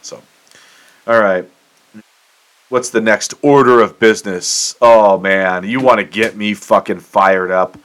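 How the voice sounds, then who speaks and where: Man, lowish voice, profane, fired-up solo podcast rant. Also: steady tone, slow pace, a bit bright, smooth. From United States. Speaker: podcast host. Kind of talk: solo opinion monologue.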